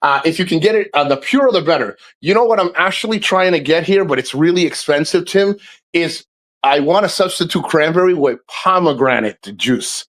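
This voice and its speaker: A man's voice: a little high, lively intonation, brisk, fairly bright tone, poor audio. A man hosting a casual livestream, talking in a rambling, jokey way and swearing freely. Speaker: livestream host.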